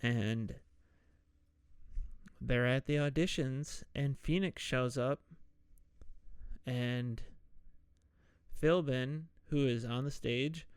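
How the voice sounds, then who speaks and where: A man hosting a podcast, casually retelling a movie's plot in a loose, rambling way and slipping into quick voices for the characters. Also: medium pitch, clean tone, no echo, clean studio sound. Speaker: podcast host.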